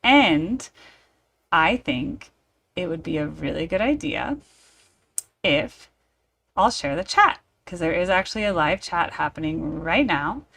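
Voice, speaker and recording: A woman's voice: on the low side, very animated, unhurried, gravelly, long pauses, a bit bright. A woman hosting her own reaction video, talking casually to camera with playful, theatrical asides.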